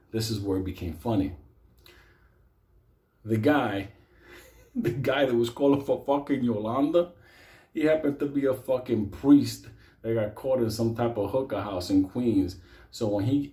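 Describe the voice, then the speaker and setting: Brief: foul-mouthed New man spinning a tale, mellow voice, roomy echo. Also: on the low side. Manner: profane, laughing, animated. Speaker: storyteller. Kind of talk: comic storytelling.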